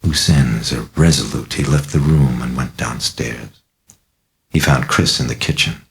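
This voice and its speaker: A man narrating an audiobook of his own novel with a deliberate, dramatic reading. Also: a bass voice, vocal fry, a bit bright.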